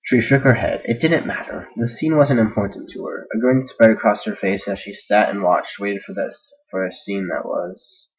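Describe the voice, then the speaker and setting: A man's voice: fairly low pitch, moderate pace, hardly any pauses. A man reading fan fiction aloud in a casual way, with self-deprecating, joking asides. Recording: dull lo-fi recording.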